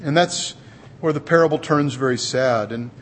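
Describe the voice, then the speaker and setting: A man's voice: medium pitch, normal speed, a little hiss or hum. A man preaching a sermon in an earnest, conversational way. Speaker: pastor.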